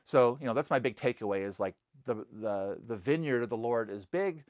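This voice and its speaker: Talking a little fast, a middle-aged man who is a pastor reflects casually to camera without a script, filling gaps with "like" and "you know." His voice is at a typical male pitch and sounds earnest and convinced, and the recording is dry, with no room sound.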